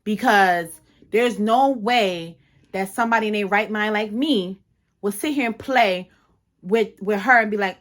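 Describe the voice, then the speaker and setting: A woman's voice: medium pitch, unhurried, a bit bright. A young woman vlogger telling a heated, blunt and profane story to her camera, with many restarts. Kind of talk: casual storytime rant.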